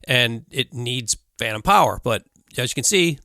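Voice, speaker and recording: A man's voice: medium pitch, animated, moderate pace, pushed and bright, no echo. A man teaching live sound basics in a casual hands-on tutorial, talking loosely with fillers and small laughs, on a studio condenser mic in a home studio. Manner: loose, conversational, full of fillers and little laughs. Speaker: audio engineering instructor. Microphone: studio condenser mic through a mixer.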